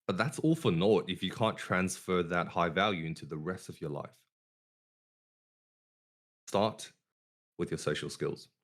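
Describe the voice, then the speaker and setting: A man hosting a casual podcast, talking deliberately with a downward inflection at the ends of his sentences, over an online voice call. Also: low-pitched, animated. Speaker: podcast host.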